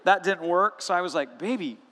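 A male pastor delivers a sermon with animated, humorous storytelling. His voice sits a little high for a man. The sound rings out with the long reverb of a large church room. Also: moderate pace.

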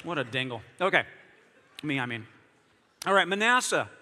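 A man preaching a conversational sermon in an animated, self-deprecating way, talking straight to his listeners. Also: fairly high pitch, moderate pace, in a large hall, a little hiss or hum. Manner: animated, self-deprecating, talks directly to the audience.

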